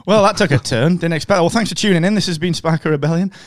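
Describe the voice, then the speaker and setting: A man's voice: a little high, racing, no room sound, clean studio sound. Jokey man hosting a podcast. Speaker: podcast host. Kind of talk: casual podcast chat.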